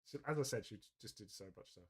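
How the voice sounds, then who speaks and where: A man's voice: on the low side, lively intonation, fast, breathy edge. A man, casually chatting and telling rambling stories while hosting a painting stream, laughing often. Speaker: host of a painting livestream. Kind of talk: casual chat. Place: indoors at painting desk.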